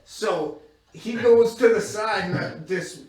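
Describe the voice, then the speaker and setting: High-voiced man telling a raunchy story. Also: slow pace. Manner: profane, animated, laughs mid-story. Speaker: stand-up comedian. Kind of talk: crude stand-up storytelling. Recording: echoey room from far off with crowd.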